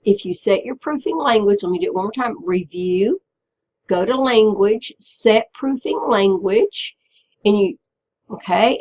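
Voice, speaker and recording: Woman teacher, mid pitch, patient step-by-step screen tutorial, dull lo-fi audio. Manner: patient, step-by-step, checks in with "okay?". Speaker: Spanish teacher. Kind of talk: screen-recorded software tutorial.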